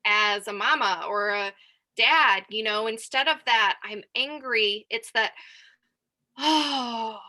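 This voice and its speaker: A woman's voice: fairly high pitch, sharp tone. A woman, a mother, giving a casual talk to parents, chatty with filler words. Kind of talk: casual presentation.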